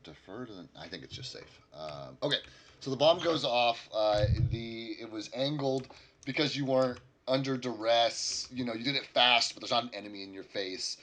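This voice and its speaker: Man, game master, casual tabletop narration, bright voice, filler words. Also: mid-range voice, moderate pace, a little hiss or hum. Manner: casual, loose, many fillers.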